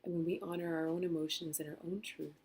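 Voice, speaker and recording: A middle-aged woman telling a personal story in a gentle, reflective way, acting out quotes softly. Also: lowish voice, fairly even intonation, quick pace, breathy edge. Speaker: author and spiritual teacher.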